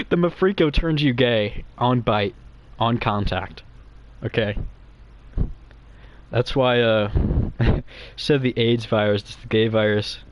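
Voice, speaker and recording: A young man rambling crudely and nervously as a guest to some streamers, giggling as he goes. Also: mid-range voice. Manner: nervous, quick and quiet. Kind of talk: rambling comedic chat.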